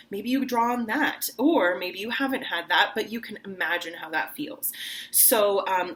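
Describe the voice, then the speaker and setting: A woman's voice: medium pitch, a bit bright. Opera-singer woman as voice teacher, casual and chatty, slips into acted lines. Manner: chatty, full of "like" fillers; acts out short dramatic quotes mid-explanation. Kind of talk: casual online singing lesson.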